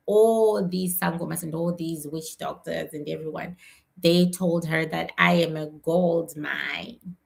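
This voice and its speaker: Slow gravelly-voiced woman medium. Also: on the low side, a bit bright. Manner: slow, emotional, repetitive. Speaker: psychic medium. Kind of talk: live-streamed spirit reading.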